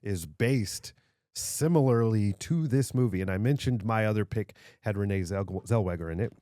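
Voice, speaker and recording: A man co-hosting a casual podcast, retelling a favourite film with animated, stumbling enthusiasm. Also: on the low side, moderate pace. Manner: animated storytelling, stumbles and repeats words. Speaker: podcast co-host.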